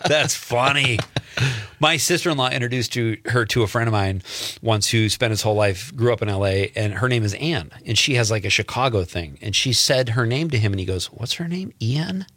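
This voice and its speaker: A man's voice: medium pitch, a little fast, dry recording. A man hosting a podcast, chatting casually with a guest and laughing often. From American Midwest. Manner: laughs often, relaxed interviewer. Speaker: podcast host. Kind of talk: casual chat.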